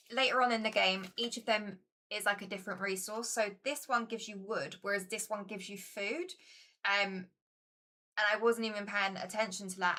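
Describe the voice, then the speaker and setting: A woman's voice: mid-range voice, bright, forceful tone. A woman chatting casually to her viewers while playing a board game, chatty and self-mocking.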